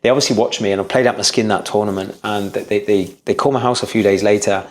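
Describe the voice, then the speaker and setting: A man's voice: fairly low pitch, fairly even intonation, fast. A man, a podcast guest telling his story earnestly, often restarting and repeating words. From England. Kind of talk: storytelling interview.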